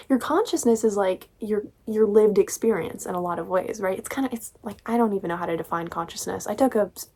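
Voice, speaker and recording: A woman's voice: mid-range voice, a little mellow. Exasperated young woman ranting about a book. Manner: ranting, exasperated, sarcastic, swears freely. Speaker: book reviewer. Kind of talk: casual book review vlog.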